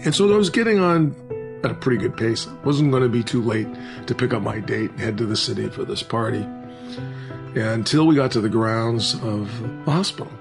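A man recounting a personal story in an earnest, halting way, with frequent restarts. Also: mid-range voice, animated, gravelly, over music.

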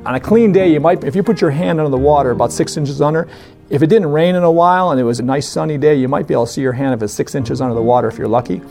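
A man spins a casual childhood story with a somewhat high, gravelly voice, breaking into laughter and mimicking the people in it. Faint music plays underneath him. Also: rapid-fire. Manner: animated, laughs often, mimics voices in quotes. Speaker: storyteller guest. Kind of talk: casual anecdote.

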